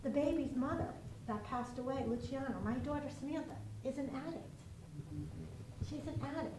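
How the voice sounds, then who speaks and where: High-voiced woman, distant and echoey. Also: moderate pace, background noise. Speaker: grief group member. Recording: echoey, distant room mic.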